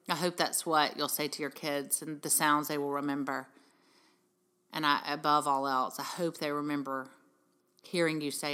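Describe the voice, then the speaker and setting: A woman's voice: low-pitched, steady tone, moderate pace, fairly bright tone. A middle-aged woman hosting a motivational parenting talk, earnest and encouraging, asking many rhetorical questions. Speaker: podcast host and parenting speaker. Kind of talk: heartfelt motivational talk to mothers.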